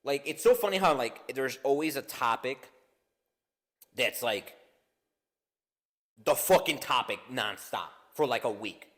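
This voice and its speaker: A man co-hosting a podcast, telling stories in a rambling, profane, animated way and often laughing. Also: mid-range voice, a little slow, pauses often. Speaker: podcast co-host. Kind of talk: casual comedic chat.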